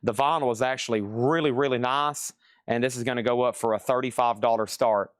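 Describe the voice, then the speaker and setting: Smooth-voiced man running a live record sale. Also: medium pitch, fairly even intonation, no room sound, studio quality. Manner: brisk salesman patter, repeating prices. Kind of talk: live-stream auction selling. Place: record shop.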